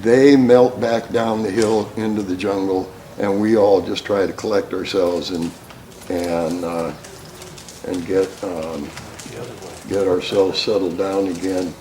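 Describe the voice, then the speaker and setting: A man's voice: low-pitched, steady tone, takes it slowly, warm tone, slight background noise. An older man telling war stories at a talk, folksy and profane, often breaking into laughter. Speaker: speaker, war veteran. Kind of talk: storytelling talk. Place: theater school hall. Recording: roomy hall with faint ambience.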